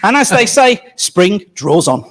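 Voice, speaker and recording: A man's voice: high-pitched, sing-song, a little slow, heavy background noise. A man giving a casual weather report in an upbeat, sing-song way. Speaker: weather presenter.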